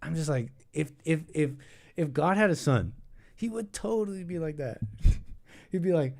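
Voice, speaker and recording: A man's voice: a little high, lively intonation, moderate pace, a little mellow. A young man hosting a call-in show, rambling and thinking aloud in casual talk, with many restarts.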